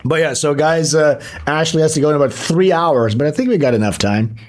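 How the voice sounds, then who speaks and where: Crude, fast-talking man hosting a stream. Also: a little high, faint music behind. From Europe. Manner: crude, mocking, fast bursts. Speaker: stream host. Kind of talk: casual livestream chat.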